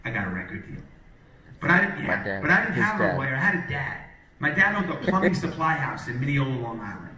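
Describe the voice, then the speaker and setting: A man giving a storytelling keynote, animated and acting out other people's lines, in a large hall before an audience. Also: medium pitch, fast talker, a crowd in the background. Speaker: motivational speaker. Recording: echoey hall, distant mic, faint noise.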